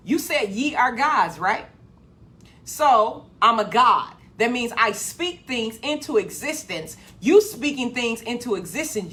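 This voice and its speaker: A woman giving a live-streamed motivational talk in a preachy call-and-response way, repeating her phrases and swinging from loud excitement to a low voice. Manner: gets loud with excitement, then drops low. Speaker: motivational speaker.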